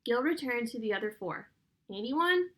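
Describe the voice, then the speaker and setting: A woman reading a children's novel aloud in a steady, clear storytelling voice. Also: on the high side, moderate pace. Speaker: audiobook narrator.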